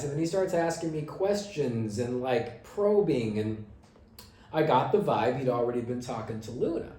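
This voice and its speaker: A man's voice: medium pitch, expressive, normal speed, dark tone, roomy sound. A middle-aged man telling the story of his band in a casual monologue, swearing and acting out his own angry reactions.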